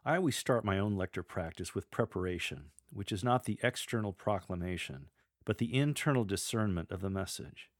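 On an instructional podcast, a middle-aged lector coach teaches church readers how to proclaim scripture, speaking in a low, animated voice yet staying measured and deliberate. He pauses to model each line aloud, and the studio-quality audio has no room sound.

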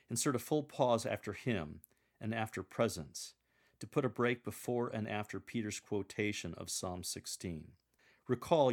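A man giving measured, deliberate coaching on how to read Scripture aloud. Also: on the low side. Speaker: instructor for Scripture readers.

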